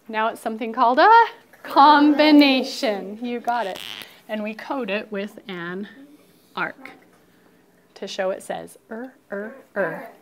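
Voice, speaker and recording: A woman teacher telling a phonics story to children, expressive and coaxing them to repeat after her. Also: mid-range voice.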